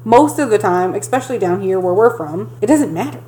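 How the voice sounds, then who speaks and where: A podcast co-host from the Southern United States, this woman has a Southern accent and rants fired up in casual chat, swearing freely. Her medium-pitched voice has lively intonation and a dark tone, and she speaks briskly. The audio quality is poor.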